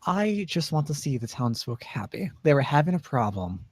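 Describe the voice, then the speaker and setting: A man playing a tabletop game, speaking his character hesitantly with many pauses and fillers. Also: a little high, very animated, a little mellow, dry recording. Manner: hesitant, halting, many uhs. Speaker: player. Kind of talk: tabletop role-play in character.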